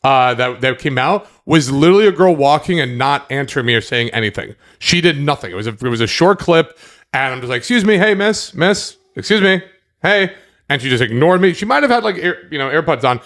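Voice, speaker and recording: A man in a casual podcast chat, telling loose, animated stories in a chatty way. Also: mid-range voice, fast.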